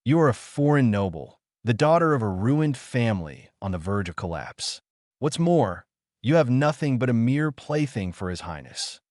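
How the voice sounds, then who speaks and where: A man's voice: medium pitch, big pitch swings, normal speed, a little mellow, no echo, clean studio sound, lightly acted. A man voicing a scornful young princess who talks down to others in a condescending way. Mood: haughty.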